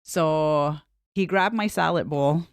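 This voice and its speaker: A woman's voice: low-pitched, slow, smooth, dry recording, studio quality. A woman co-hosting a podcast, telling a story in casual chat with plenty of swearing and laughter. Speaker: podcast co-host.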